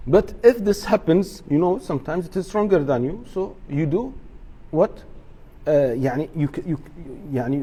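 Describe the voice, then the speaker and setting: A man's voice: fairly high pitch, dark tone, husky. Man teaching an informal religious class. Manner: explains step by step, repeats key points, mixes in Arabic words.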